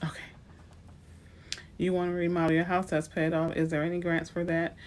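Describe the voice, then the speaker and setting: A woman's voice: on the low side, completely flat delivery, moderate pace, darkish tone. A woman from New Orleans with a New Orleans accent, a realtor giving chatty, playful advice on a live stream. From New Orleans, USA. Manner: chatty, playful asides to viewers.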